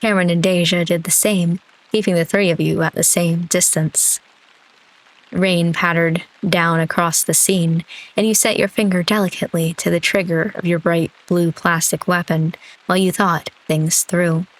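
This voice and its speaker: Girl streamer narrating a visual novel, lowish voice, joking around between lines. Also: steady tone, moderate pace, rough recording. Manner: playful, chatty asides between narration. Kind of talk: reading a story game aloud.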